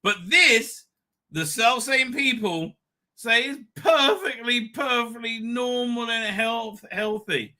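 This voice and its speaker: Ranting man, bright voice. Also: very high-pitched, expressive, takes it slowly. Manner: ranting, profane, heated. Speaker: host. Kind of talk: livestream commentary.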